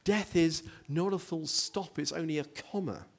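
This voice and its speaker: A man's voice: on the high side, normal speed, vocal fry. A man preaching a sermon, earnest, building to emphatic rhetorical questions.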